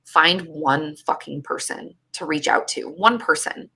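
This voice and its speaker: Woman in her 30s, low voice but bright, candid podcast monologue, swears a lot. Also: a little slow, breathy edge. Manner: candid, emotional, swears freely. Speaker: podcast host. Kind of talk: personal storytelling monologue.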